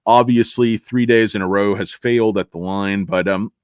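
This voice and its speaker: A man's voice: on the low side, fairly even intonation, moderate pace, smooth, no room sound, clean studio sound. A man hosting a casual livestream about stocks, rambling and sarcastic as he reads and answers chat. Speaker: livestream host discussing stocks.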